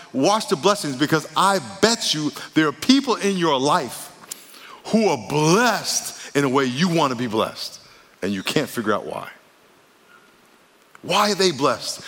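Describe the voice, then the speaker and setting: A man's voice: mid-range voice, fairly bright tone. A man preaching a sermon as pastor, talking emphatically and straight to his congregation. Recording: church hall with long reverb.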